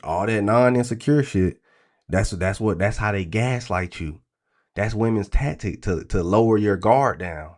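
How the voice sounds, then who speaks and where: A man hosting a livestream, talking in a blunt, crude, animated rant full of profanity. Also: fairly low pitch, measured pace. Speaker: trading stream host.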